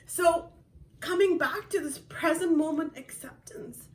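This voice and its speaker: A woman's voice: high voice, animated, measured pace, distant mic, a little hiss or hum, low-quality recording. A woman author hosting a motivational live video from her home, talking earnestly and openly about her own feelings, with frequent laughs. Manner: earnest, self-disclosing, laughs often. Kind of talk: motivational live-stream talk.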